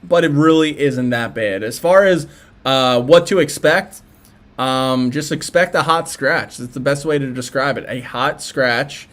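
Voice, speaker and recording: A man's voice: mid-range voice, measured pace, fairly bright tone. A young man with a Philadelphia accent, chatting casually as a livestream host. He reads out viewer messages and answers them in a loose, rambling way, with lots of fillers and restarts. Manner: laid-back, rambling, with frequent fillers and restarts. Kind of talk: casual live-stream chat reacting to viewer messages.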